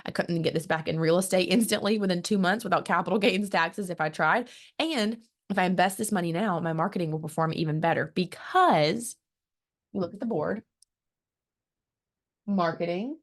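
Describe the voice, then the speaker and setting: A woman marketing coach giving an energetic motivational business talk, speaking straight to her audience and often restarting her words. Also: fairly low pitch, moderate pace, long pauses. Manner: energetic and emphatic, acts out quoted voices; repeats words when restarting, direct to the audience.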